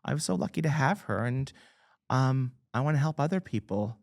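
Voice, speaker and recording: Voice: mid-range voice, normal speed, vocal fry. A guest author talking casually in an interview, joking at their own expense and laughing often. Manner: animated, self-deprecating humor, laughs often. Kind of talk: conversational interview.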